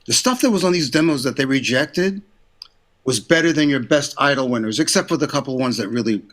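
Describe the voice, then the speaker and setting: An older man, an interview guest, telling career stories in a casual, animated way and acting out quotes in a raised voice. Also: medium pitch, fairly quick. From United States. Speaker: interview guest, recording engineer and producer.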